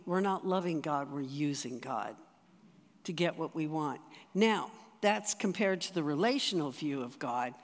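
A speaker giving sermon teaching to a congregation in a conversational way, with rhetorical asides to the listeners. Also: mid-range voice. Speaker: church teacher. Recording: long reverb in a large hall.

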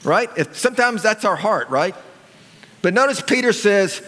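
A man preaches from the front of a church, his voice pitched fairly high for a man. He talks to the congregation in a casual, conversational way and keeps asking them questions. The sound carries a long reverb from the large hall. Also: animated, normal speed, sharp tone. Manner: conversational, asks the audience questions. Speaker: pastor. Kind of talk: sermon. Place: church sanctuary.

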